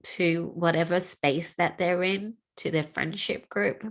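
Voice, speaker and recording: A woman speaks in an unhurried, lower voice, sharing personal reflections with sincere feeling. She talks slowly and earnestly, pausing to sigh between thoughts. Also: fairly even intonation. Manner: emotional, tearful at times, with sighs and laughs; slow and reflective. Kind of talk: heartfelt personal talk.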